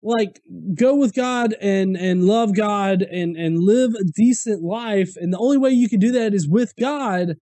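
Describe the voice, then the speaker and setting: A man's voice: high-pitched, unhurried, dark tone, no room sound. A man hosting a casual commentary show, reacting to viewer comments in an irreverent way, swearing freely and laughing at his own points. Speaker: host.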